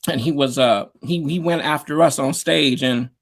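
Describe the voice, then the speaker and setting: A man's voice: on the high side, normal speed. A man, a DJ and producer, telling stories in a casual interview, rambling with lots of fillers and slang over a video call. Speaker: guest, DJ and producer.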